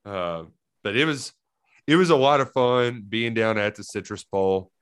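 A man co-hosting a casual sports podcast, telling stories in an animated way and laughing often. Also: on the low side, unhurried, clear, resonant tone. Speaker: podcast co-host.

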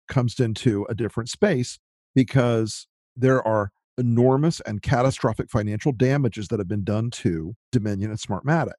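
A man's voice: medium pitch, a little mellow, dry recording, clean studio sound. A man on a political podcast panel, talking animatedly and acting out quotes in mock voices, swearing freely. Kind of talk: casual panel discussion.

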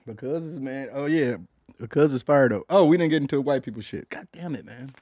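A man hosts a casual comedy podcast, swearing freely and trailing phrases with "man". His voice sits at a middle pitch and is recorded close and dry, with no room sound. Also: fairly quick, darkish tone, no echo. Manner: profane, laid-back, filler "man" after most phrases. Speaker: podcast host.

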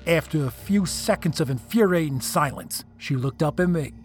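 A man narrating a dramatic first-person story, in an expressive delivery. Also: on the high side, moderate pace, soft background music.

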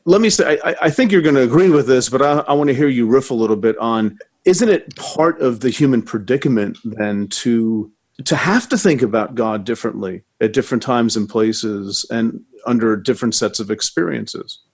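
A male podcast host with a voice in the middle of the range for a man. He works toward his questions out loud, restarting his sentences, with a dry, wry touch. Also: mid-range voice, moderate pace. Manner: thinks aloud, hesitant restarts, wry humor. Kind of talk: conversational podcast interview.

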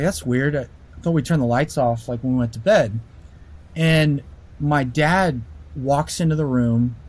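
A man telling a personal story casually, animated and full of fillers and restarts. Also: medium pitch.

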